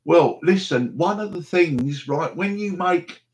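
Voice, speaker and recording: A man's voice: high-pitched, animated, measured pace. Rambling man hosting a live stream. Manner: chatty, digressive, mock-exasperated. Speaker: livestream host.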